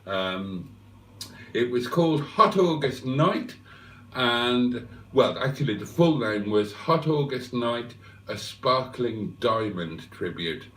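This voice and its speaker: A man's voice: mid-range voice, lively intonation, takes it slowly, a bit bright, reverberant, far from the mic. A man hosting a live stream, chatting casually with viewers and rambling with fillers and asides. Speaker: livestream host. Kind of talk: casual live chat reading viewer comments.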